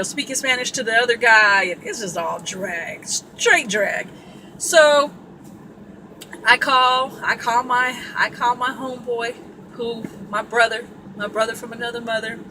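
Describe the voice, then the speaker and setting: A woman from Sacramento tells a story in a loose, chatty vlog style, blunt and full of cussing. Her voice is bright and sharp and sits a little high. A faint noise runs under it. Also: poor audio. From Sacramento, California. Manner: blunt, profane and animated. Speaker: vlogger. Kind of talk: casual storytelling.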